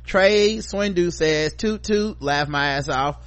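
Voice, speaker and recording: A middle-aged man co-hosting a podcast, chatting casually and reading listener feedback, acting out stories with loud profane quotes. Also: a little high, slow. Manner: animated storyteller, profane, acts out quotes loudly. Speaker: podcast co-host.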